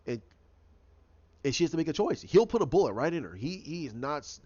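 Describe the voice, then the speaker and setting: A man's voice: a little high, very animated, fairly quick, mellow, lo-fi sound. A man giving a casual, rambling recap of a TV episode, often repeating himself and restarting his sentences. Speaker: show recap host.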